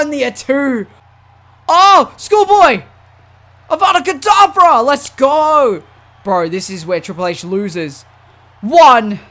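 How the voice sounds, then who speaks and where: Young-sounding guy doing wrestling game commentary, talks slow, high voice, goes from muttering to screaming. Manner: swings between muttering and shouting with excitement; casual slangy talk. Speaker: gaming YouTuber. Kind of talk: excited gameplay commentary.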